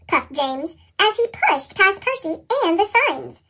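A woman reading a children's picture book aloud, her voice pitched up into a chipmunk sound, with lively, expressive storytelling. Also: a little slow. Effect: chipmunk pitch-shifted voice. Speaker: storybook reader. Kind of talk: children's read-aloud narration.

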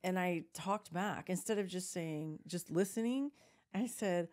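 A woman in her forties, co-hosting a podcast, tells a childhood story in a casual, animated way, laughing often and acting out what people said. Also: on the low side, moderate pace. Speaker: podcast co-host.

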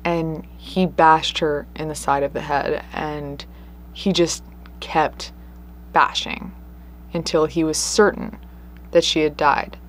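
A woman's voice: low voice, steady tone, slow, a little hiss or hum. A woman hosting a true crime show, telling a case in an earnest, conversational way with emphatic stresses. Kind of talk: casual true crime storytelling.

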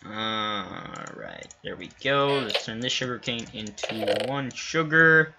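A young man narrating his own game playthrough, chatting casually and flaring into excited shouts and swearing. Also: fairly low pitch, slow, gravelly, heavy background noise. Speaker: gamer. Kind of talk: Let's Play commentary. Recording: lo-fi home recording.

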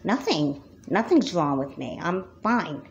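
A woman's voice: on the low side, expressive, a little slow, gravelly, lo-fi sound. Christy, a guarded, defensive girl, voiced by a woman. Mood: evasive. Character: moody, secretive young girl. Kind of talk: doll movie voice acting.

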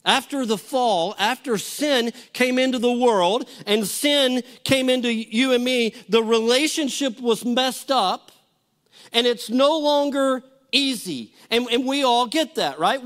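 A middle-aged pastor gives a sermon in a church auditorium. His voice sits unusually high for a man, and he talks in a folksy, storytelling way, stumbling and restarting his phrases as he goes. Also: fairly bright tone.

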